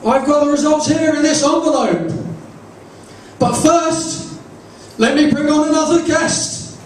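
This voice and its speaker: A man putting on the voice of a slick, smug male daytime talk-show host, pitched well above his own voice. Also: unhurried, a little hiss or hum. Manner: slick, smug, higher-pitched showman delivery. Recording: echoey club from far off.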